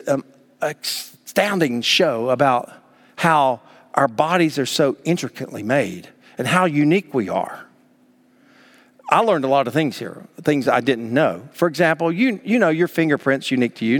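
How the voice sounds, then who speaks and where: A male pastor delivers a sermon in a lively, swooping voice pitched a little above the usual for men. He leans hard on key words and acts out scolding parents. His voice carries a long reverb, as if in a large sanctuary hall. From Southern United States. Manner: animated, emphatic, acts out parents scolding children.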